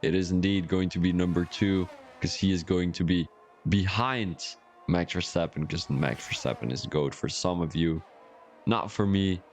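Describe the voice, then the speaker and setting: A man's voice: deep voice, normal speed, soft background music. A man commentating a sim racing league on a live stream, chatty and joking with rambling asides.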